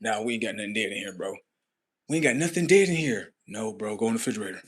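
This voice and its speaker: A man's voice: on the low side, expressive, fast talker, background noise. A man streaming live, doing a profane, rambling comedic rant and arguing with himself.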